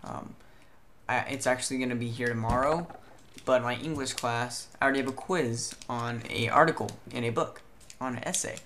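Young man, from Southern California, casual vlog chat, rambling, mid-pitched, faint background hiss. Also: moderate pace. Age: young adult. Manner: chatty, rambling, animated storytelling. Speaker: vlogger.

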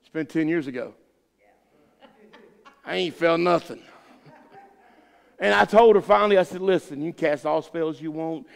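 A man's voice: a little high, moderate pace, creaky, pauses often, in a large hall. A man pastor teaching a Bible study, telling a folksy, rambling story full of restarts. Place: church sanctuary.

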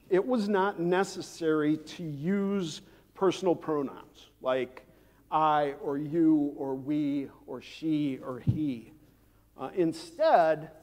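A man preaching a sermon as pastor, measured and unhurried, with frequent "uh" fillers and the odd dry aside. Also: on the high side, darkish tone. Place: church sanctuary. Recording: long church hall reverb.

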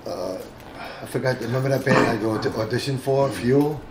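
A bass player and singer, from the Bronx, talking casually in an oral-history interview with many fillers and restarts. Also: male voice, moderate pace. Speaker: bassist and singer. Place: room with other band members. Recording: roomy echo with clear background noise.

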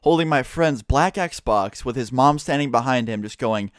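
A man's voice: medium pitch, smooth, no echo, studio quality. A young man telling a casual story to camera, rambling and swearing freely. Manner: rapid, profane, rambling storytelling. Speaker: vlogger.

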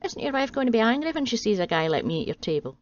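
A woman's voice: fairly high pitch, big pitch swings, fast talker, dull audio, voice pushed up. A woman doing a pleading street bum. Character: down-and-out male bum, wheedling and hungry.

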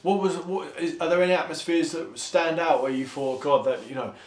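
A man hosting an interview, asking halting questions full of "sort of" and "you know". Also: a little high. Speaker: interviewer, host. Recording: roomy echo, faint background noise.

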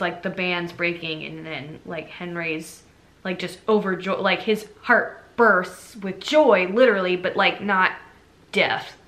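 A woman's voice: medium pitch, a bit bright. A young adult woman retelling a fairy tale for a movie review vlog, chatty and full of fillers. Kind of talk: casual storytelling review.

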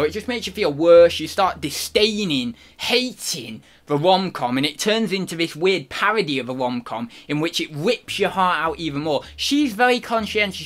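A man's voice: sits high, fairly bright tone. A man giving a casual, rambling channel review, full of fillers. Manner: rambling, chatty, many fillers. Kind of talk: casual vlog commentary.

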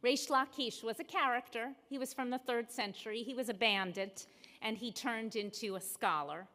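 A woman rabbi preaching a sermon in a synagogue sanctuary, measured and emphatic with deliberate pauses. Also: fairly high pitch, bright, forceful tone. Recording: long hall reverb in a sanctuary.

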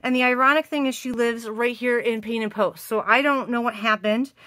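A middle-aged woman with a stuffy, allergy-congested voice hosts a casual craft video. Her voice sits fairly high and sounds close and dry. She chats warmly with plenty of ums and bursts of enthusiasm. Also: steady tone, fairly quick, no echo. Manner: chatty, enthusiastic, many ums and uhs. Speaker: card swap host.

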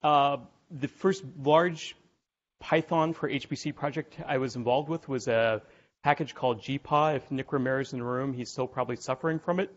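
A man's voice: medium pitch, moderate pace. A man giving a technical conference lecture to a room of listeners, with wry, irreverent asides and frequent ums. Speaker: conference presenter. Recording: dull lo-fi conference recording.

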